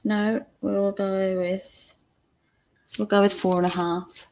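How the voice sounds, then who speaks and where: A craft channel host, older and Scottish with an Australian accent, streams live from her home crafting table, recorded on a camera there, chatting to viewers and mulling over measurements. Her mid-range voice is slow, level and a little mellow, with slight background noise and poor audio.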